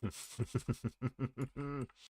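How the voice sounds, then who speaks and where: A young man chatting casually while he draws, animated and laughing often as he talks. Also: medium pitch, very slow, breathy edge. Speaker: artist vlogger. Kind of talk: casual chat while drawing.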